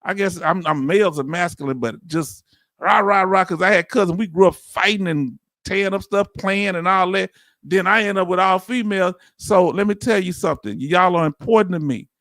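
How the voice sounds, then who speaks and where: A man hosting a livestream, talking casually and warmly straight to his viewers, often repeating himself for emphasis. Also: sits high, brisk, no echo. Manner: animated, talks straight to viewers, repeats "let me tell you something". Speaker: livestream host.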